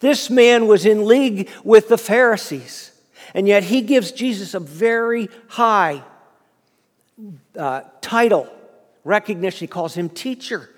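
A man preaching a sermon, telling the story in an animated way and often repeating words. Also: high-pitched, unhurried, long reverb tail. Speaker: preacher, fundraising minister.

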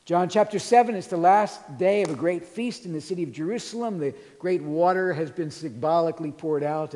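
A pastor preaching a sermon in a church, earnestly retelling scripture and quoting it in a softer voice. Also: male voice, on the high side, normal speed, hardly any pauses. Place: church sanctuary. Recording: long reverb of a large hall.

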